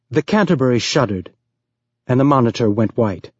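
A man's voice: animated, moderate pace, husky, no echo, dull audio. Man narrating a space thriller. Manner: voices characters with raised pitch. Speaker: audiobook narrator. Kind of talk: scripted audiobook narration.

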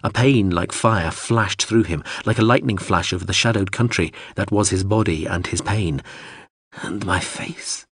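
A man narrating a science fiction audiobook in a measured, expressive storytelling way. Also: low-pitched, breathy edge. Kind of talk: scripted narration.

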